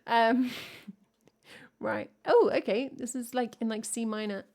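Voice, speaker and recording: A woman's voice: on the high side, fairly even intonation, creaky, darkish tone. A young English woman, a singer-songwriter, chatting casually and joking with her stream chat between songs. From England. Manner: chatty, self-mocking, quick asides to chat. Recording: home stream with piano playing. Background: piano.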